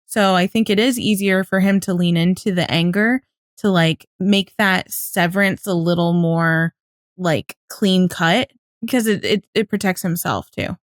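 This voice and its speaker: A woman's voice: lowish voice, a little slow, dry recording, studio quality. A woman co-hosting a podcast in casual chat, reasoning things out and breaking into laughter. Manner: analytical, dissolves into laughter. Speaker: podcast co-host.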